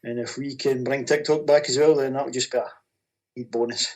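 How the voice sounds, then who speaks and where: A man's voice: medium pitch, fairly even intonation, a little fast. A Scottish man calling in to a fan podcast, friendly and modest. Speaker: caller. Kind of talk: casual phone-in chat.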